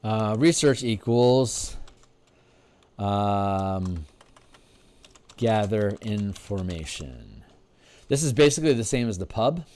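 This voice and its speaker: A man's voice: on the low side, lively intonation, darkish tone. Tired man thinking aloud over typing. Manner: halting, restarts and repeats, says he is tired and yawning. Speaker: game designer streaming his work. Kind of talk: livestream design session, thinking aloud.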